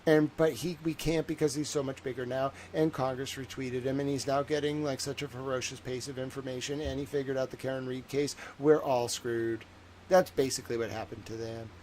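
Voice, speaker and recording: A man's voice: medium pitch, brisk, a little hiss or hum, rough recording. A man, hosting a rambling livestream monologue with boastful, joking bursts. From Massachusetts. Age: 30s. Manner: animated, swings from muttering to excited bursts. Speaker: livestream host.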